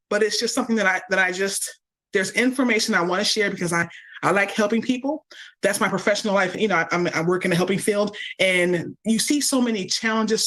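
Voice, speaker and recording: A woman's voice: mid-range voice, fairly bright tone, poor audio. Earnest woman guest on a video call. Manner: earnest and halting, many restarts. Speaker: guest on a coaching stream. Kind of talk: conversational interview answer.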